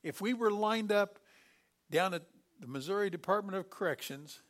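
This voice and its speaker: Preaching a sermon at normal speed, a middle-aged pastor whose voice runs a bit high for a man brings lively energy. He acts out quoted voices and erupts in abrupt loud bursts, then returns to a steady, calm delivery.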